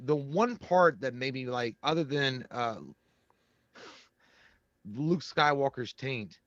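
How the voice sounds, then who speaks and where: A man's voice: medium pitch, takes it slowly, fairly bright tone, no room sound, muffled recording. A man co-hosting a casual movie review show, talking crudely and rambling with lots of fillers and restarts. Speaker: podcast co-host.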